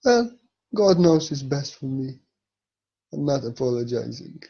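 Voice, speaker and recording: A man delivers a spiritual monologue in a husky voice at a mid pitch. He swings between hushed and loud, stressing points emphatically. The sound is dull and lo-fi. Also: expressive, unhurried. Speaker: spiritual teacher.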